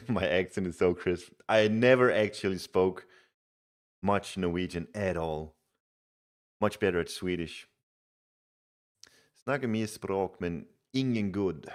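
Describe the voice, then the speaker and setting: Low-voiced man streaming a strategy game. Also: slow, pauses often. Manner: chatty, reads chat aloud, laughs easily. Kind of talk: casual live game commentary.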